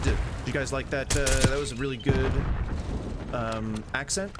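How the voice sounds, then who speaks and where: A man streaming a shooter game and commenting casually, joking at his own expense with sudden loud exclamations. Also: mid-range voice, normal speed, very noisy. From United States. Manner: self-deprecating, joking, animated exclamations. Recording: loud game gunfire behind. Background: loud game gunfire and shooting.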